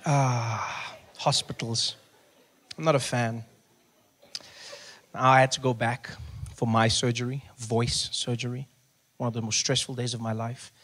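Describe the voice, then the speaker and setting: A man telling stories in a stand-up set and bantering with the audience, animated. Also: mid-range voice, measured pace, pauses often. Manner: animated storytelling, banters with the crowd. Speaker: stand-up comedian. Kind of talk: stand-up comedy. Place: theatre stage.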